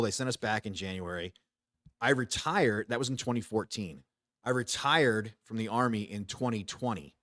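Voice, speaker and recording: Retired army guy hosting his show, cusses a lot, lowish voice, dry close mic. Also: a bit bright, no room sound. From United States. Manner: blunt, swears freely, restarts sentences. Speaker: podcast host. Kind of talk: casual profane talk show rant. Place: small home studio.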